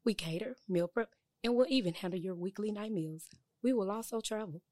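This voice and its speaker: A woman's voice: medium pitch, a little fast, warm tone, no echo. Woman, chef, friendly promo read, close dry sound. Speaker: chef in a sponsor ad. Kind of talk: read advertisement.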